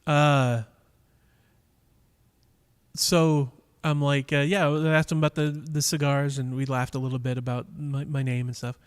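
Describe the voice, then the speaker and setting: This man's mid-range voice is clear and resonant, unhurried, with little pitch movement. He's hosting a live stream from a cigar lounge, talking into a microphone in rambling, casual chat full of fillers and restarts while teasing his viewers.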